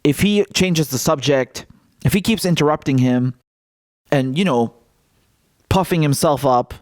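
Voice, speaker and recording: A male political commentator in a casual vlog, talking in a mocking, animated way and laughing often. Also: fairly high pitch, a little slow, no room sound, clean studio sound.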